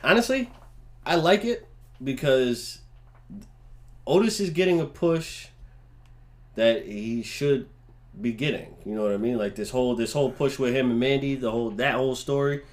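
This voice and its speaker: A man's voice: medium pitch, normal speed, pauses often, a little mellow. A man co-hosting a casual wrestling review, talking in a laid-back, hesitant way full of fillers. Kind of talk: casual chat.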